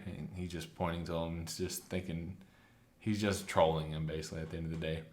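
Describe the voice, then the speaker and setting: A man casually recapping a story, chatty and loose, slipping into quick quoted lines. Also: sits low, flat delivery. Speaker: anime recap host.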